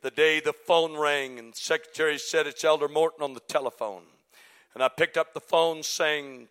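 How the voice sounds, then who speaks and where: Bright-voiced preacher shouting about pride. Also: male voice, a little high, fairly even intonation, normal speed. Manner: swings from shouted preaching to hushed, breathy confession. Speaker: pastor. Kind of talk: sermon. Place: church sanctuary.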